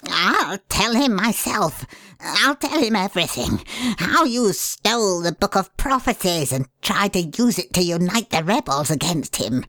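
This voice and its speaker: A woman's voice: mid-range voice, lively intonation, a little slow, fairly bright tone, no echo, pitched above the performer's own voice. A woman voicing a desperate, grovelling ex-mayor who pleads and begs.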